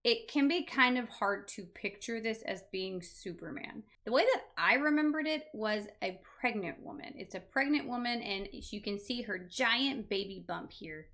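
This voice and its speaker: A woman's voice: fairly high pitch, expressive, moderate pace, hardly any pauses, a bit bright. A woman teaching an online language lesson, explaining patiently and checking in with "right?" as she goes.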